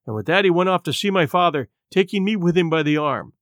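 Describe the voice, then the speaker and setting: A man narrating a classic adventure audiobook in the first person, expressive and measured. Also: on the high side, dry recording, clean studio sound.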